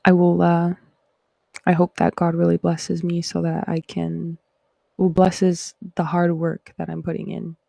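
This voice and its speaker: Gravelly-voiced Canadian woman, chatty and rambling. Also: lowish voice, warm tone, no echo. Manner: rambling, reflective, chatty with viewers. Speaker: live-stream host. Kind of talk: casual live-stream chat and Bible reading.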